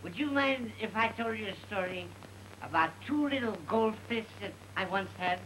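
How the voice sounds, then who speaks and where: A man playing a rambling, sentimental comic storyteller in a 1930 film comedy sketch, halting and mock-tearful. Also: high-pitched, animated, sharp tone, slight background noise, poor audio.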